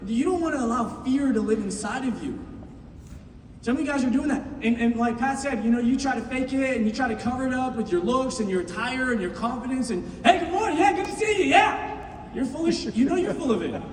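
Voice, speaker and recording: A middle-aged man giving an impassioned motivational speech to a room of recruits, swinging from shouting to hushed tones. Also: extremely high pitch, fast talker, slight background noise. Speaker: business team leader speaking to recruits. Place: large meeting room with an audience. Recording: echoey hall, mic far off.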